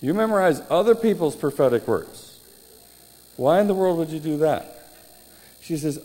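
A male preacher telling stories in a sermon, animated, with halting restarts. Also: on the high side. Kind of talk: sermon storytelling. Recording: reverberant hall, faint noise.

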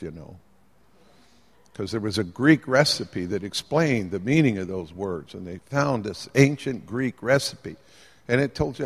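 Lively man preaching in a reverberant hall. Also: mid-range voice. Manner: lively, conversational, jokes with the audience. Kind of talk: sermon. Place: church hall with live congregation.

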